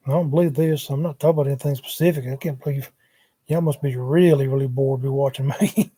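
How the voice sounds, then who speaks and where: Man, casual rambling livestreamer, dark mellow voice, dry laptop sound. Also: mid-range voice, fairly even intonation, quick pace, breathy edge, no echo. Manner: drawling, wandering, muttering asides. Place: at home, sprawled on a couch. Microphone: laptop microphone.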